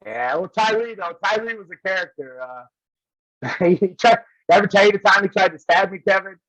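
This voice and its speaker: Laughing frequently, a man appearing as a wrestling guest spins casual stories from his old days on the road. His voice sits high, brisk and fairly bright, with no echo on a dull, lo-fi recording.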